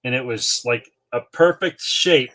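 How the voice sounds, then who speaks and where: Brief: forties podcast co-host from North Carolina, lively chatty storyteller, average-pitched male voice. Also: unhurried. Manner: animated storyteller, frequent fillers. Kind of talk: casual storytelling chat.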